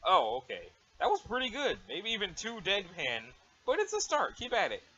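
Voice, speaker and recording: A man voicing a cocky, deadpan teenage boy who talks in swaggering slang, on a dull lo-fi mic. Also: high voice, moderate pace, husky, heavily acted.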